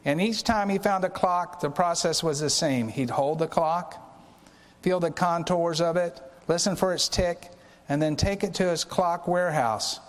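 Male pastor, earnest and unhurried storytelling sermon, slightly high voice, long hall reverb.

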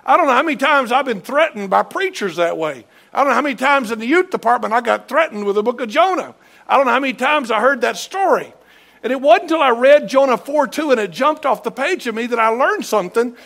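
A man preaching a sermon in a church, animated, acting out voices and shouting at peaks. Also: very high-pitched, quick pace, gravelly. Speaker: pastor. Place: church sanctuary.

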